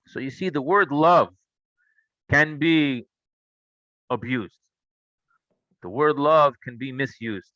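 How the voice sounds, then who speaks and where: A man's voice: medium pitch, takes it slowly, pauses often, dry recording, muffled recording. A man teaching a Torah class, telling stories and asking rhetorical questions. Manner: animated storytelling, asks rhetorical questions.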